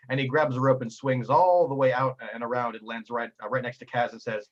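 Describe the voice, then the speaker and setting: A man serves as game master for a tabletop game, narrating haltingly with plenty of fillers. His voice is medium in pitch with fairly even intonation, and the recording's highs are cut off.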